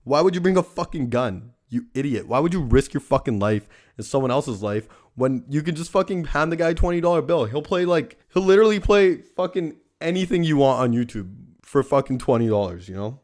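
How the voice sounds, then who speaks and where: A man's voice: mid-range voice, animated, a little fast, hardly any pauses, darkish tone. A young man hosting a casual storytelling show, rambling and swearing constantly, tagging lines with "right?". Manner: profane, rambling, lots of "right?" tags. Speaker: podcast host.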